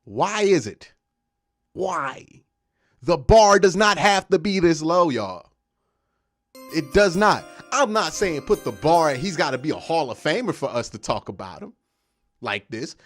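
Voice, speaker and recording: A man's voice: fairly high pitch, sing-song, unhurried, fairly bright tone, dry recording, soft background music. A man giving casual, slangy live-stream commentary, reading chat and ranting. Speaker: streamer reacting to news and chat.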